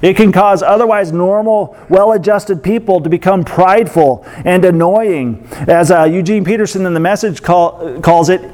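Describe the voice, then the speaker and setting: Higher-voiced man preaching a sermon. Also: moderate pace, few pauses, darkish tone. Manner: conversational preaching with laughs and acted asides. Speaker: pastor.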